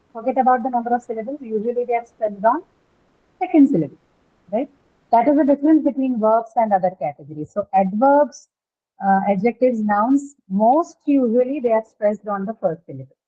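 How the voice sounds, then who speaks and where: A woman with an Indian English accent teaching an online class, explaining step by step and checking understanding. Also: a little high. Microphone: video call. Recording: tinny phone-like line.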